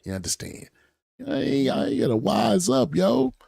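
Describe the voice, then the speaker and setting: A man co-hosting a casual commentary show, loud and animated, laughing and talking in slang. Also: high-pitched, normal speed, gravelly, slightly rough, dry recording, studio quality. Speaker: co-host.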